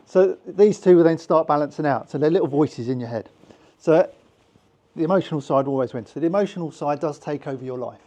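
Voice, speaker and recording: A fairly high, mellow male voice with a British accent moves at a brisk clip. He's a hypnosis instructor addressing a small group in a relaxed, chatty way, putting on little voices for his examples.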